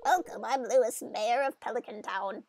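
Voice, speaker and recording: A woman voicing an older man who is mayor of a farm town, in a gruff put-on voice. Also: a little high, moderate pace, a little mellow, a little hiss or hum, close to an everyday voice.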